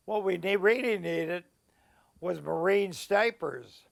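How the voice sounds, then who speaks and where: An older man, a war veteran, recounting memories in an oral history interview, halting and searching for words, at times emotional. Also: high voice. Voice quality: gravelly.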